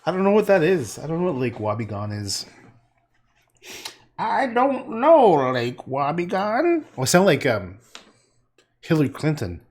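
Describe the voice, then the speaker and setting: A man's voice: mid-range voice, sing-song, fairly quick, darkish tone. A man painting on a livestream, rambling, joking and swearing as he talks to his chat.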